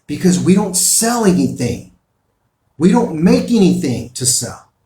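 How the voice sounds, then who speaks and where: A man's voice: fairly high pitch, sing-song, measured pace, warm tone, roomy sound. A man giving opinion commentary, reading out news articles and pressing his points emphatically. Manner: emphatic, rising and falling in bursts.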